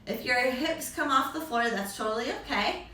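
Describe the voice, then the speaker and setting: A woman's voice: a little high, moderate pace, pushed and bright, slight background noise. A young woman leading a children's yoga lesson, upbeat and encouraging, making animal sounds along with the poses. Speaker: kids yoga teacher. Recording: echoey room, distant mic.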